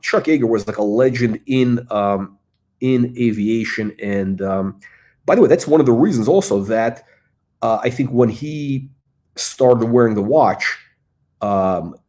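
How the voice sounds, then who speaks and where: A man's voice: medium pitch, mellow. A man hosting a casual livestream, talking in a rambling way with many fillers, restarts and asides, into a computer mic. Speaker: host.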